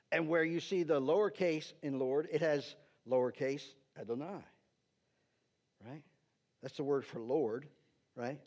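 In a dull lo-fi recording, a male pastor preaches in a chatty teaching style, repeatedly asking "right?" and addressing whoever runs the slides between points. His pitch is fairly high and his tone slightly mellow.

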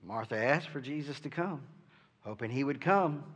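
A man's voice: medium pitch, lively intonation, moderate pace, fairly bright tone, breathy edge. A male pastor preaching a sermon in an earnest way, often asking "right?" and stumbling over the starts of his sentences. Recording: long reverb from a hall.

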